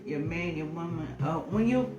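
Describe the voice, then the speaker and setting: A woman co-hosting a live relationship talk stream, animated and acting out what people say. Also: sits low, normal speed, muffled recording. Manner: animated, acts out quoted lines. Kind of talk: casual live-stream chat. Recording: roomy sound with guitar music behind.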